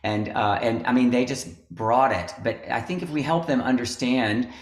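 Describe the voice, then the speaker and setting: A man's voice: mid-range voice, moderate pace, reverberant. A man who teaches choir, chatting on a video call in a rambling way, with lots of fillers and restarts. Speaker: choral music teacher. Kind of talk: casual video-call conversation.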